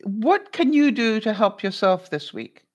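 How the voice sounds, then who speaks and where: A woman's voice: mid-range voice, sing-song, measured pace. A woman hosting a casual live stream, chatting with viewers, laughing often and acting out other people's lines. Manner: laughs often while telling a story; greets viewers in the live chat.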